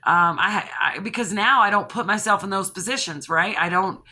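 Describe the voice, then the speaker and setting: A woman talks straight to the camera and spins a personal story in a loose, rambling way. Her voice is bright and sharp, and it stays lively as she restarts sentences and catches her breath between thoughts. It sounds like a casual video diary. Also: mid-range voice, moderate pace. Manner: animated and rambling, with restarts, gasps and laughs. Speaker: channel host.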